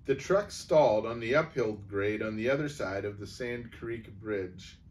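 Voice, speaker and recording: A man's voice: on the low side, a little slow, hardly any pauses, darkish tone. A man reading a humorous story aloud, voicing each character in turn.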